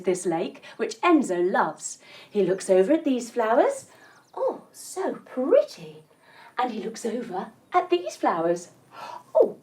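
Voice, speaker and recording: Woman, kids' yoga teacher, high lively voice, slow, playful storytelling. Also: breathy edge. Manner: playful, expressive and encouraging. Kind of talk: storytelling yoga lesson for children.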